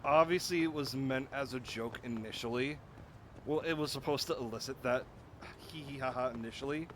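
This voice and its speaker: Male let's-play host, average pitch, rambling and jokey, light background hiss. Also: a little fast, fairly bright tone. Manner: rambling, jokey, talks to himself while playing. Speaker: gaming streamer. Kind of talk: casual let's-play commentary.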